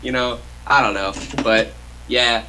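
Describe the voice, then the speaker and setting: A man's voice: mid-range voice, fairly even intonation, a little slow, bright, forceful tone, a little hiss or hum, low-quality recording. A young man co-hosting a casual chat, telling a rambling story packed with "like" and "uh" fillers. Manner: rambling, heavy use of "like" and "uh" fillers. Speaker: co-host.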